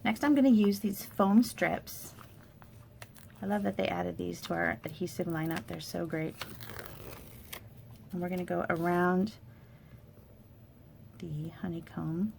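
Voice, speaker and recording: Upbeat woman with a gravelly edge. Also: fairly low pitch, steady tone, normal speed, a little mellow, a little hiss or hum. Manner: upbeat, chatty product walkthrough. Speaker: card-making demonstrator. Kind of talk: casual crafting tutorial.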